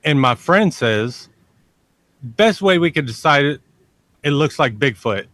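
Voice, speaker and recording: A man spins a long, meandering story as a podcast guest, looping back over his points and dropping the odd curse. He takes his time, drawing out his words at an unhurried pace. The sound is close and dry, with no room around it. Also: fairly high pitch, lively intonation, a bit bright, dry recording. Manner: rambling, repeats himself and curses freely. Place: lives near a large army base in Texas.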